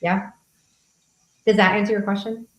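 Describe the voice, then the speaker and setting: A woman's voice: mid-range voice, level tone, normal speed, reverberant, low-quality recording. A woman coach speaking frankly and casually, answering questions at a group meetup, with casual swearing. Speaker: host and coach.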